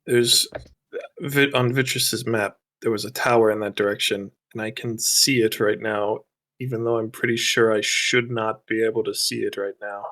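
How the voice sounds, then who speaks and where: Man, player, lowish voice, rambling, quick explanations. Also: steady tone, a bit bright. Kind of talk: tabletop game play.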